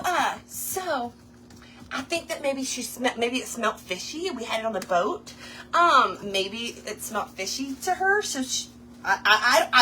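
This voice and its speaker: Woman hosting a craft stream, bright voice, faint hiss behind. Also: fairly high pitch. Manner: chatty, animated, talks to viewers as y'all. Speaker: craft livestream host. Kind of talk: casual storytelling while crafting.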